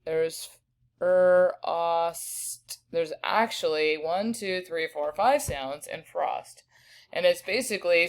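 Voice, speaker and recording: A woman teaching a recorded spelling lesson, patiently sounding out each word slowly. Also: low-pitched. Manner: patient, slow sounding-out of words.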